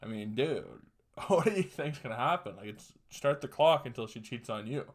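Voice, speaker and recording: A man's voice: medium pitch, expressive, moderate pace. A young man hosting a podcast, telling a story in a casual way, crude and profane, chuckling often. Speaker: podcast host.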